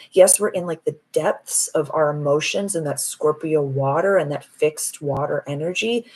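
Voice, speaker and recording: Her voice is deep and husky as she hosts a casual live stream as a spiritual healer. She gushes while answering viewer comments, sounding soothing and affirming.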